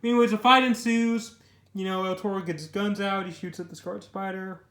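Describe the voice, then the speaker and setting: A young man with a fairly high voice talks through a comic book review in a loose, rambling way. He restarts sentences often and uses lots of filler words. The room around him rings with echo. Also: steady tone, fairly quick, a bit bright.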